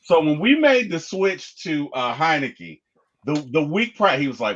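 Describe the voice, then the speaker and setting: Guy on a podcast telling stories all animated, voice swings up and down, kinda muffled lo-fi sound. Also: fairly high pitch, measured pace. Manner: animated storyteller, quotes others in raised voice. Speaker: podcast guest. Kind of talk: casual chat. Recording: dull lo-fi sound.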